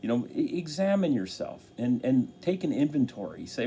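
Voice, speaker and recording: An earnest man talks to camera, offering life encouragement in a halting way and restarting his sentences often. His voice is mellow and sits at a middle pitch. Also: very animated, a little hiss or hum. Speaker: motivational speaker. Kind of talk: motivational talk to camera.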